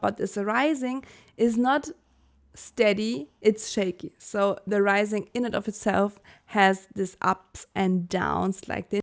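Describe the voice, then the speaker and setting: A woman's voice: mid-range voice, gravelly. A young woman from Germany explaining a personal-growth topic in a video lesson, earnest and candid, correcting her own slips with a laugh. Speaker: Human Design teacher.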